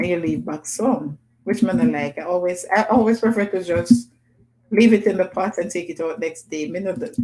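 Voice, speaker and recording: Her voice sits fairly low, and the recording is rough. Running a laid-back livestream, she reads out comments from viewers, chats freely, laughs a lot, and slips into Jamaican patois.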